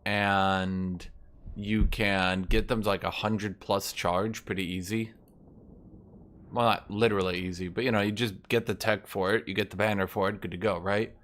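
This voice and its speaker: Low-voiced man giving casual game commentary. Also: flat delivery, moderate pace, fairly bright tone. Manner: chatty, profane, thinking aloud. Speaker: gaming video host.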